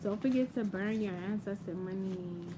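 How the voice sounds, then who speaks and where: A woman's voice: medium pitch, moderate pace, heavy background noise. Chatty young woman reading tarot live. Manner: chatty, playful, laughs often, addresses viewers directly. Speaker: tarot reader. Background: quiet ambient audio playing.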